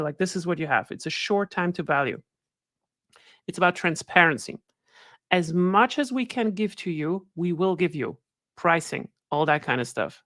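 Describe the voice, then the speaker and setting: Her voice on the low side and a bit bright, a woman presents a webinar as guest speaker in a casual, conversational way, often tacking on "right?" to check in with her audience. The audio is studio quality with no room sound.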